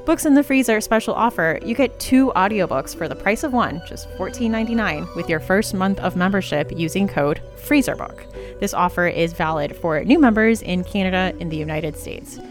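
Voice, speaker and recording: A woman podcast host reading a sponsor ad in an upbeat, steady way. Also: medium pitch, moderate pace. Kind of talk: read sponsor spot. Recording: music bed behind the voice.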